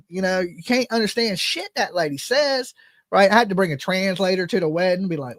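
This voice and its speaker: A man, hosting his channel in casual ranting commentary. He is animated and joking, and now and then drops into mock voices. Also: high voice, moderate pace, no room sound, studio quality. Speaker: channel host.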